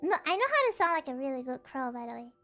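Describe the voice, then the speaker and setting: A woman's voice: high voice, very animated, fast talker, over music. A woman streamer in casual chat, giggling constantly and making silly noises and animal sounds.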